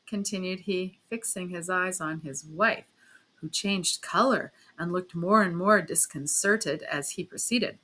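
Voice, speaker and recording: Brief: female audiobook narrator, measured storytelling, bright tone. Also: fairly low pitch. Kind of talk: audiobook reading of a classic novel.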